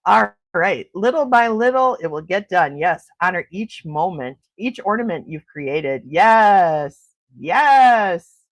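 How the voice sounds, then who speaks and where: A middle-aged woman chatting warmly on a morning livestream, her voice swooping up and down with lively enthusiasm. She gushes and laughs as she reads out viewers' comments. The sound is close and dry, with no room around it. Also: fairly low pitch, slow, dry recording. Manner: gushing, animated, laughs often. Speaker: livestream host. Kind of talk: casual chat reading viewer comments.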